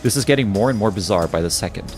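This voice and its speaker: A man streaming a game, reading its story text aloud in a hushed, low-key voice with musing asides. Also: lively intonation, fast talker, soft background music.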